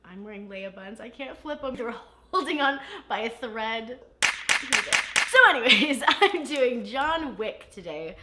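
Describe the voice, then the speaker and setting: A woman hosting a casual movie recap vlog, talking in an animated, gushing way with laughter and some cursing. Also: on the high side, measured pace, a little hiss or hum. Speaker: vlog host reviewing movies.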